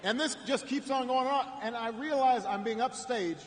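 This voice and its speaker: A man with a fairly high voice tells a story at a political rally. He repeats and restarts his words, pausing for effect. His voice rings through a large arena with a long echo and faint background ambience. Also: slight background noise. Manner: repeats words and restarts, builds stories with dramatic pauses. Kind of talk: storytelling campaign speech.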